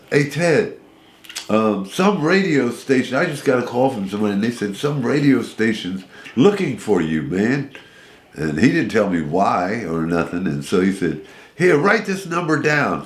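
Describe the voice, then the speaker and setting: A man telling stories as a guest in a radio interview, rambling and animated, often restarting his sentences. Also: on the low side, echoey room.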